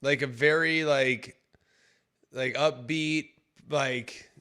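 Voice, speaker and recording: Bright, eager male radio co-host. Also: medium pitch, steady tone, very slow, smooth. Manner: enthusiastic, filler-heavy. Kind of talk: casual morning radio chat. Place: radio studio.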